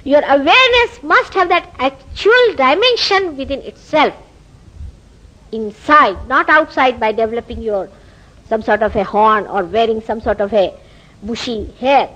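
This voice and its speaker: In a meeting house hall, an Indian woman teaches a public spiritual talk, telling stories with animation and asking rhetorical questions in her Indian accent. Her voice is on the high side, and the recording sounds muffled.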